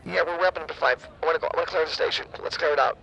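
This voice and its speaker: A man's voice: on the high side, fairly even intonation, racing, vocal fry, bright, forceful tone, husky, poor audio. A man producing a comedy podcast who chimes in with silly, whiny nonsense. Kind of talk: improvised comedy podcast banter.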